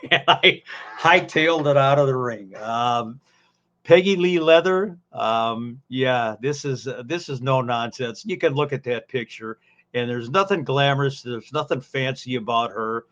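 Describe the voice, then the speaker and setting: A man co-hosting a podcast, an unhurried storyteller who drifts into folksy asides and fillers. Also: medium pitch, bright, forceful tone, lo-fi sound. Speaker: podcast co-host, former ring announcer. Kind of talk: casual podcast chat.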